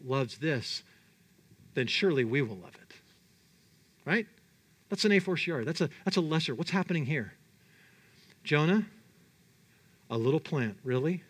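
Bright-voiced man preaching a sermon. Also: a little high, slightly rough. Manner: conversational, animated, asks the audience questions. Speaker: pastor.

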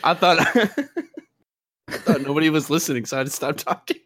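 A man's voice: a little high, steady tone, brisk, fairly bright tone. A man chatting casually on a podcast, easygoing and often laughing.

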